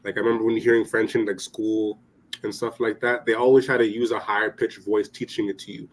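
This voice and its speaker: A man's voice: fairly low pitch, flat delivery, quick pace, slight background noise, poor audio. Young man rambling in casual chat. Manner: rambling, lots of "like" and restarts.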